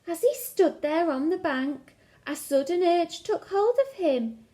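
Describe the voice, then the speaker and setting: High-voiced woman reading a children's story. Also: measured pace. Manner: expressive, asks the listeners questions. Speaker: teacher. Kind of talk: reading a picture book aloud to children.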